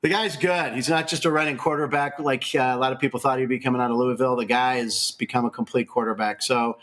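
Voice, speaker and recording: A man's voice: mid-range voice, fairly even intonation, fast talker, fairly bright tone. A man hosting a casual sports comedy chat, upbeat and laughing easily. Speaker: show host.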